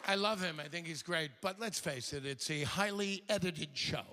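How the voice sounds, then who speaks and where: An older man doing stand-up comedy, chatty and digressive, slipping quickly into impressions. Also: on the high side, pushed and bright, a faint crowd, a little hiss or hum.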